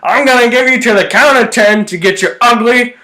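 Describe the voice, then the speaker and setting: A man's voice: very high voice, fairly quick, bright, forceful tone. A man voicing a tough, threatening gangster from an old-timey film. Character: menacing tough 1930s movie gangster man.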